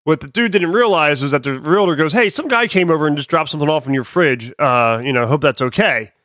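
A man's voice: fairly high pitch, fast, a bit bright, dry recording, studio quality. A young man co-hosting a casual chat, rambling and joking as he tells stories and swears freely. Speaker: podcast co-host.

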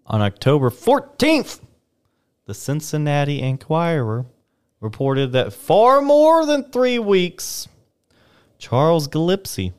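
A man's voice: on the high side, sing-song, slow pace, clear, resonant tone. A young man casually reading old newspaper history on a podcast, with playful asides and the odd put-on voice.

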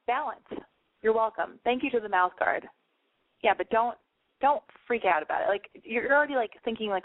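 A woman's voice: a little high, lively intonation, brisk, no echo. Casting: woman radio host, brash and profane, a bit tipsy, dry phone-like lo-fi sound. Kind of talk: casual advice call-in show.

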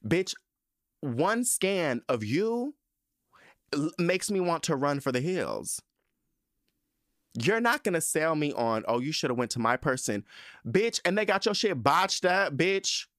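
A man's voice: a little high, big pitch swings, slow pace, pauses often, fairly bright tone, no room sound, studio quality. A man hosting a podcast, ranting in a sassy, profane, emphatic casual monologue. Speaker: podcast host.

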